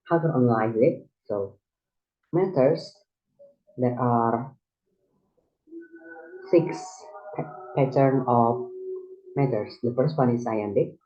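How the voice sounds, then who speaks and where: A man whose first language is Indonesian gives a recorded lesson, explaining step by step in a halting way with frequent restarts. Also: mid-range voice. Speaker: student teacher. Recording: dull lo-fi recording.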